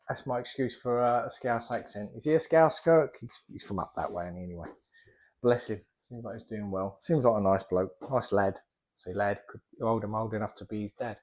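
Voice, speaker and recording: Chatty middle-aged plasterer. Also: male voice, fairly low pitch, normal speed, a little mellow. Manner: chatty and rambling, drifts off topic. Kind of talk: casual vlog talk while working.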